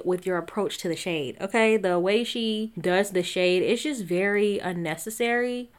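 Chatty woman recapping reality TV. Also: medium pitch. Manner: chatty, gossipy, quotes the cast in animated voices. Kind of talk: casual recap commentary.

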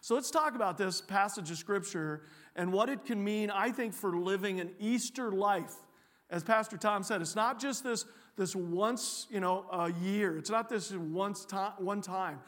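A man giving a sermon as a guest preacher in a church, joking and animated, often restarting his sentences. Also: sits high, a little slow, big-room sound. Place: church sanctuary.

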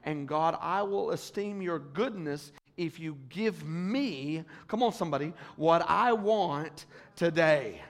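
A pastor delivers a sermon, calling out to his congregation and moving from hushed asides to loud, rising appeals. His voice is fairly high and his pace slow, with hardly any pauses.

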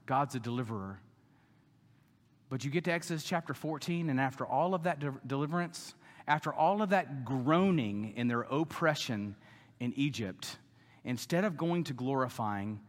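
A man's voice: medium pitch, moderate pace. Preaching man in an echoing hall. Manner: emphatic preaching, voices the grumbling Israelites. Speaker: pastor. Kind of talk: sermon. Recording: long hall reverb.

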